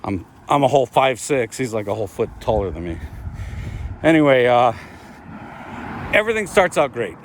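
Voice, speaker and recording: Middle-aged man, chatty storyteller, animated pitch, faint background noise. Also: fairly quick, pauses often. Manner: chatty, keeps adding "all right?". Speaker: vlogger telling a story. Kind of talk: casual storytelling. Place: at home, dogs barking nearby.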